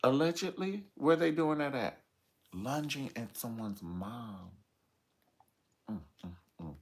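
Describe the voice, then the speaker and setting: A man's voice: medium pitch, lively intonation, takes it slowly. A man giving sassy, dramatic commentary on reality TV gossip, telling the story with playful asides.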